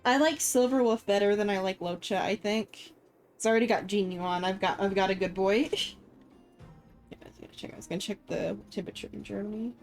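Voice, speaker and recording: A woman's voice: mid-range voice, fairly even intonation, brisk, a little mellow, faint music behind. Rambling woman streamer chatting casually. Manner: rambling, heavy use of filler "like", chatty. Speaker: game streamer. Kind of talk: casual live-stream chat.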